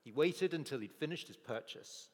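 A man's voice: fairly high pitch, animated, normal speed. A man preaching a sermon, telling stories and acting out the people's voices in quotes. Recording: long reverb of a large hall.

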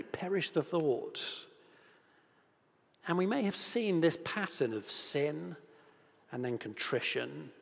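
Slow, earnest preacher in a reverberant hall. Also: male voice, fairly high pitch, gravelly, slightly rough. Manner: earnest, asks rhetorical questions, grows animated at moments. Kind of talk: sermon with scripture reading. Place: church. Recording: long reverb of a large hall.

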